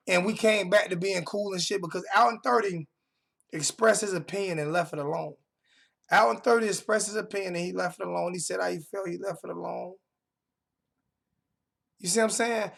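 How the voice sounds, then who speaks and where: Young male livestream host, raspy fry in a high voice, combative, repeats himself for emphasis. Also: a little fast, fairly bright tone. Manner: confrontational, trash-talking chat members. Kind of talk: heated livestream rant. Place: home.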